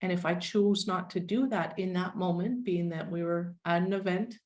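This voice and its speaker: A woman in her forties, a guest speaking candidly and wryly in a relaxed conversation. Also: on the low side, normal speed. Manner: frank, wry, self-deprecating.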